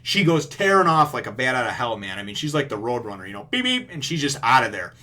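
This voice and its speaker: Male vlogger, casual comic recap, profane, rambling, mid-pitched voice. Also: fast talker. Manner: rambling, profane, animated retelling.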